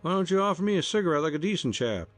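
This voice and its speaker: A man's voice: fairly high pitch, big pitch swings, rapid-fire, faint music behind, voice pushed up. A man doing a snarling, sulky young tough. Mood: surly. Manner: snarling, sneering. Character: sulky, surly young male messenger.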